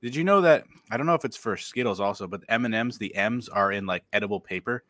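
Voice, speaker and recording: A man co-hosting a podcast in casual chat, loud and excitable, laughing and swearing often. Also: lowish voice, fast. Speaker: podcast co-host.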